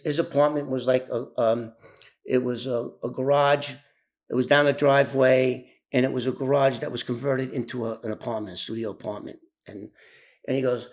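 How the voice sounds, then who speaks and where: A man's voice: mid-range voice, a bit bright. A man telling an old story in casual, profane, rambling talk full of restarts and asides. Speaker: former informant telling his story.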